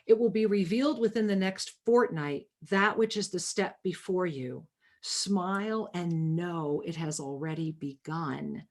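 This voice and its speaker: A woman's voice: fairly low pitch, unhurried. Lady radio host doing a spiritual reading, calls everyone honey. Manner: warm, affectionate, calls caller honey.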